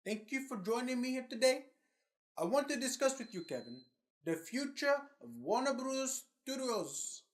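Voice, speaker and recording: A man's voice: extremely high pitch, expressive, moderate pace, pitched above the performer's own voice. A man playing a pushy male movie studio boss in a comedy sketch. He talks in a bossy way and keeps repeating the other man's name.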